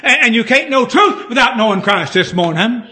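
A man's voice: extremely high pitch, lively intonation, normal speed, sharp tone. A male preacher, delivering a fervent sermon that builds in force and repeats its key phrases.

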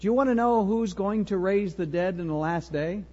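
A man preaching an expository sermon, emphatic and animated, full of rhetorical questions. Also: high voice, moderate pace, muffled recording.

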